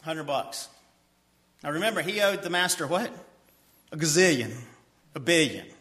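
A man preaches an expository sermon in a bright, forward voice that sits a little higher than most men's. He reads verses aloud, puts questions to his listeners and answers them himself, and drops to a hushed tone on his key points. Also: lively intonation, moderate pace. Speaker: pastor.

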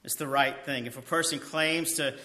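A man preaching a sermon, reading verses aloud and then asking his listeners questions that he answers himself, dropping to a quiet voice on key points. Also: fairly even intonation, normal speed. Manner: drops to a soft low voice on key points. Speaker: pastor. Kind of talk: expository sermon.

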